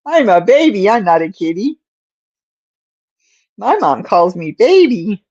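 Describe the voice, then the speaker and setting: A woman's voice: medium pitch, big pitch swings, takes it slowly, a little mellow, slightly rough, no room sound, full character voice. A woman quoting a cartoon house cat that insists it is a baby, with an indignant, matter-of-fact manner, on a slightly dull recording. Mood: insistent.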